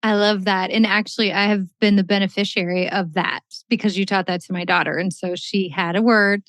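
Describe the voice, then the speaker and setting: A middle-aged woman hosts a podcast interview, talking fast and warmly encouraging her guest. Her mid-range voice is recorded close and dry. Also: mid-range voice, fairly even intonation, no echo. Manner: quick, enthusiastic, affirming. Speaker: podcast host. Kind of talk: conversational interview.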